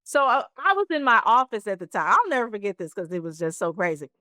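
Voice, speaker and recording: A middle-aged actress telling stories as a guest in an interview, acting out the voices of people in them. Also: female voice, medium pitch, fast, no room sound, clean studio sound. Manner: animated, acts out voices in her stories. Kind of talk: storytelling interview.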